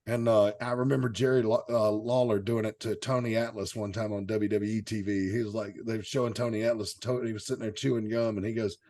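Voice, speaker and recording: Gravelly-voiced man telling old stories. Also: fairly low pitch, little pitch movement, fast talker, hardly any pauses, darkish tone. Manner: rambling, anecdotal, chuckling asides. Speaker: host. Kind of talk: casual storytelling chat.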